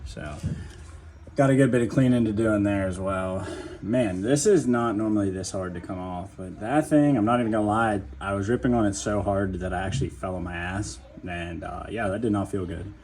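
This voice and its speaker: Brisk and fairly low, with a slightly mellow tone and a bit of hiss or hum, this man talks viewers through fixing a truck in his home garage. He's chatty and loose, addresses everyone as "guys," uses lots of fillers, and sometimes runs short of breath.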